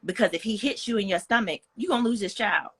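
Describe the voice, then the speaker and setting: A woman's voice: mid-range voice, quick pace, slightly rough. A young woman, speaking as a guest in a candid, personal storytelling style, earnest and frank, with plenty of "like" and "you know".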